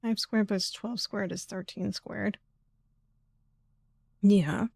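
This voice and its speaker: A woman streamer thinks aloud while working through a puzzle game, muttering to herself and swearing when frustrated in casual live commentary. Her medium-pitched voice is slow, creaky and a little mellow, with fairly even intonation and no room sound.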